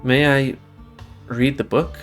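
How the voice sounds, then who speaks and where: A man playing a curious young grandson, polite and eager, formal speech, medium-pitched voice. Faint guitar music plays underneath. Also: fairly even intonation, takes it slowly, a bit bright. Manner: polite and eager, adds "sir".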